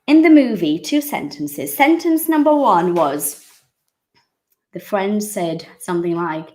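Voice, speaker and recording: Brazilian woman, 30s, native Portuguese speaker, English teacher; unhurried, expressive, accented casual lesson delivery. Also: fairly low pitch. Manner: expressive, acts out surprised reactions.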